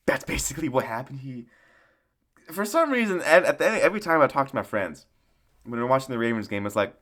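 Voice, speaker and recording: A man's voice: mid-range voice, big pitch swings, quick pace, fairly bright tone. A man giving a casual, profane sports recap rant in a rambling, mocking way, often laughing at his own jokes. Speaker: sports commentator.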